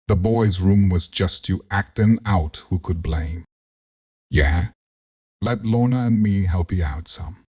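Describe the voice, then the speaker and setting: A man plays a gruff, protective Southern cousin with a Southern accent. The voice is very deep and husky, and he speaks slowly. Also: a little mellow, exaggerated voice.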